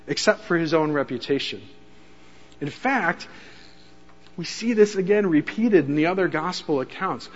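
Animated male preacher in a reverberant hall. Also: on the high side, husky, dull audio. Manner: animated storytelling, voices quotes with rising intensity. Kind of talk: sermon.

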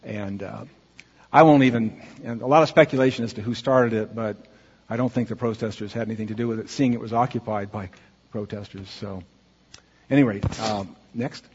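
A man speaking earnestly to a congregation as he narrates a slideshow, asking for the next slide and pausing on fillers. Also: on the low side, steady tone, a little mellow, a little hiss or hum. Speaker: church mission speaker presenting slides. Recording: dull, muffled audio with long hall reverb.

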